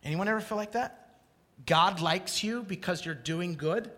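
A middle-aged male preacher from Idaho giving a passionate sermon, swinging from quiet confession to shouted exclamation. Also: high-pitched, moderate pace, long reverb tail.

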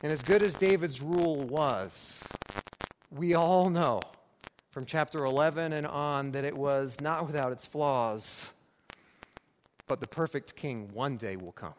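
A man's voice: a little high, unhurried. A man preaching a sermon, emphatic and building his points through repeated phrases. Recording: long reverb with faint background noise.

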